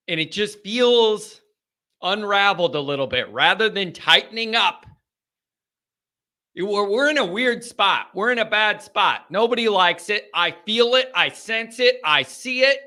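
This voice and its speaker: A man's voice: sits high, expressive, measured pace, sharp tone. A man hosting a live fan call-in show, venting his frustration and firing rhetorical questions at the chat.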